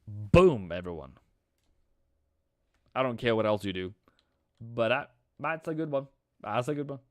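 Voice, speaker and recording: A man hosting a live trading stream, excitable and slangy, calling viewers mate and bro. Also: medium pitch, measured pace, dry recording.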